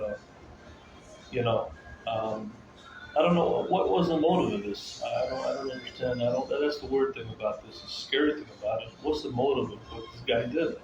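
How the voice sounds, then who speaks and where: A man's voice: medium pitch, moderate pace, music in the background. Guy ranting to his viewers, keeps repeating himself, roomy echo, dull muffled sound. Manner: repetitive, circling back to the same phrases; agitated, ranting. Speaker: livestreamer talking to viewers. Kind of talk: casual rambling monologue. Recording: echoey, muffled, with loud room ambience.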